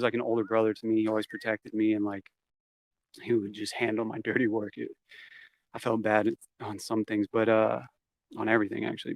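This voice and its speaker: A man telling a wild story from his past as an interview guest, swearing freely and acting out every quoted line. His voice sits at an ordinary middle pitch. The recording is dry, with almost no room sound. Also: no room sound. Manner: profane, animated, acts out quoted lines. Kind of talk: casual storytelling.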